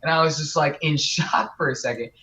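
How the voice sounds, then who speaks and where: A young man, a guest on an interview show, telling a story in an earnest, animated way with many fillers and restarts. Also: on the high side, brisk. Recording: muffled lo-fi audio.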